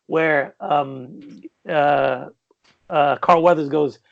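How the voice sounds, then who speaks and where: A man's voice: a little high, fairly even intonation, drawn-out words, gravelly, highs cut off. A man co-hosting a podcast with laid-back, profane casual banter. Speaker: podcast co-host. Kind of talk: casual review chat.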